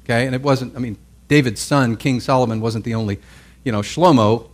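With a medium-pitched, brisk voice, a man preaches as a pastor teaching a Bible class. He talks conversationally, pausing to check in with listeners and often restarting his phrases.

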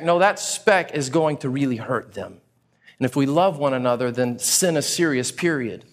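A pastor preaching a sermon to a congregation, telling stories with acted-out exclamations. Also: male voice, on the high side, moderate pace. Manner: animated storytelling with acted-out exclamations.

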